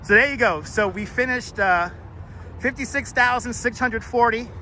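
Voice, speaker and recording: A man's voice: very high-pitched, moderate pace, bright, forceful tone, a little hiss or hum. A man hosting a casual live stream outdoors in a city, talking loosely with swearing and frequent laughs. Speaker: live-stream host and tour guide. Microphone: wireless clip-on mic.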